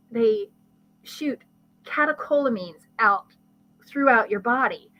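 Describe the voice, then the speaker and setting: A woman, a guest expert, explaining brain science in conversation with a lively teaching manner and vivid everyday examples. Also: fairly high pitch, normal speed, dull audio. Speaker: guest expert on ADHD and learning.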